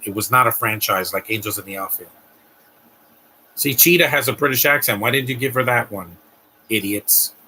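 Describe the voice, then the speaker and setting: Guy on a live stream ranting about a movie, bright tense voice, keeps restarting his sentences. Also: medium pitch, normal speed, pauses often, slight background noise, low-quality recording. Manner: blunt, ranting critic with frequent restarts. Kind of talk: movie reaction commentary.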